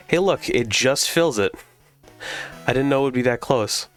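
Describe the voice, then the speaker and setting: A man streaming a video game, chatting casually and relaxed with his viewers. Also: medium pitch, normal speed, pauses often, soft background music. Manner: relaxed, chatty, talks to chat.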